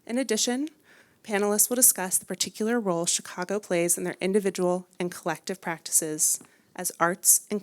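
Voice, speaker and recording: A woman reading a prepared welcome announcement at a live event in an even, steady way. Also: mid-range voice. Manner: reads prepared remarks evenly. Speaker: event host. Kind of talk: scripted announcement.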